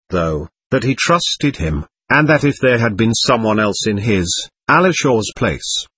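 A man narrating a novel in a measured, expressive reading. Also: mid-range voice, husky, no echo. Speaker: audiobook narrator. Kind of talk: scripted narration.

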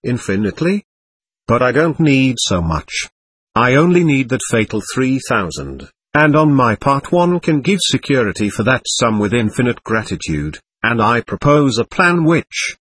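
A man voicing a desperate, nervous young man who pleads frantically and overly politely, with a husky voice. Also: mid-range voice, very animated, normal speed, a bit bright, dry recording, studio quality. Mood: pleading.

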